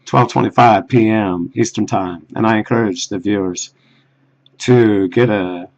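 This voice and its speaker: A man talking in a rambling solo monologue, with a halting, muttered delivery and soft chuckles. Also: low-pitched, lo-fi sound. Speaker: video blogger.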